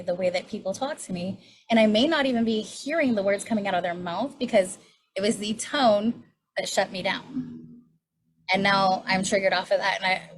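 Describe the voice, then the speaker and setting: A woman in her forties teaching a healing class on triggers, candid and conversational, often checking in with a rhetorical "right?". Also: medium pitch. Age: 40s. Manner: candid, conversational, self-disclosing. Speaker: class facilitator.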